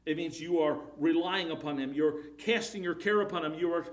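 A man's voice: a little high, a little fast. A man preaching a sermon, emphatic, his voice rising and falling in volume, often repeating words.

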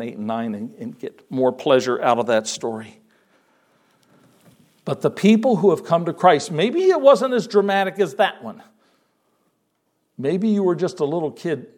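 A man's voice: medium pitch, darkish tone. A middle-aged man preaching a sermon in a conversational way, acting out quoted lines in raised voices. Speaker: pastor.

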